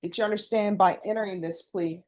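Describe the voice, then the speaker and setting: A woman judge presiding over a courtroom hearing, speaking in a formal, measured, procedural way. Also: mid-range voice, steady tone, darkish tone.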